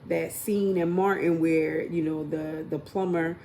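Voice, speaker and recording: A woman's voice: low-pitched, steady tone, a little slow, warm tone, slight background noise. A woman giving an intuitive spiritual reading in a conversational way, often asking rhetorical questions. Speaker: spiritual reader.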